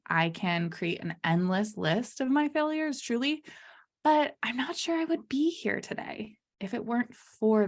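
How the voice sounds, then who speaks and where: A woman's voice: medium pitch, expressive, unhurried. Candid, chatty woman podcast host. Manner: casual and candid, laughs through hard topics; chatty, many fillers like "you know" and "um". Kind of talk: solo podcast monologue.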